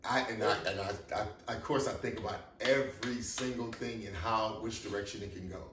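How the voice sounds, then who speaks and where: A man's voice: on the low side, brisk. A middle-aged man telling stories in casual podcast chat, blunt and profane. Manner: blunt, profane storyteller, animated. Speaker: guest, father of the host. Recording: roomy echo, distant mic, faint noise.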